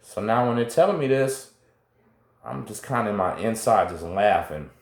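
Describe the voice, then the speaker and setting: A middle-aged man hosting the video tells his own story casually and with slang, addressing viewers directly. His lowish voice is expressive and moderately paced, with a roomy sound.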